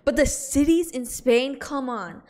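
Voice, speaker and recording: Young adult woman, podcast co-host, bright-pitched, playful teasing delivery, loose slang. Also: lively intonation, measured pace. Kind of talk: casual chat.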